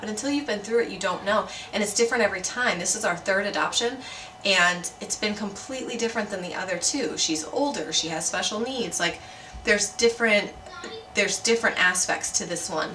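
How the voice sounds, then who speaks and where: Bright-voiced mother talking candidly. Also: mid-range voice. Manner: candid and earnest, with soft fillers. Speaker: adoptive mother and vlogger. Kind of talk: casual vlog talk to camera. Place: home. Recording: roomy sound from a distant mic, faint noise.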